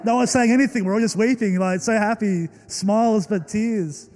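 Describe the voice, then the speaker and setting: A young Australian man preaches from the pulpit, his voice warm, mellow and slightly high. He tells stories earnestly and emotionally, full of little fillers and restarts. The sound carries a long reverb from a church hall. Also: moderate pace. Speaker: pastor. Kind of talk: storytelling sermon.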